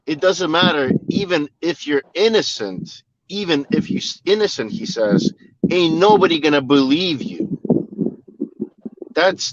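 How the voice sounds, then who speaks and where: A man's voice: fairly high pitch, a bit bright. A man calling into a casual live-stream chat from a car, ranting hotly and swearing. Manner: heated, profane ranting. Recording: muffled lo-fi with clear background noise.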